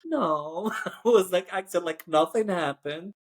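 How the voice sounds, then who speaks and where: A man's voice: high voice, moderate pace. A man who works as cabin crew, telling a story in a chatty podcast style, full of "like" and acted-out voices. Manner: chatty, acts out quoted voices, frequent "like".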